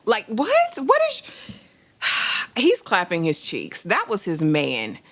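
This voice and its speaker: Amused woman with lively pitch. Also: slow. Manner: amused, incredulous, laughing asides. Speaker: co-host reviewing a TV drama. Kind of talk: casual chat.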